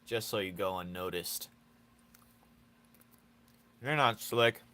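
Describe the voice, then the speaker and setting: A male streamer sketching live and bantering with his chat in a loose, teasing way. His voice sits a little low but sounds bright and forward. He talks at an unhurried, drawn-out pace and breaks into laughter often. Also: smooth. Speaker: streamer drawing live and chatting with viewers.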